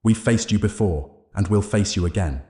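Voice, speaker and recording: A man playing a resolute hero with a deep voice. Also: moderate pace, warm tone, reverberant, lightly acted. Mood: steady. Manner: resolute, commanding. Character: determined young man rallying frightened townsfolk.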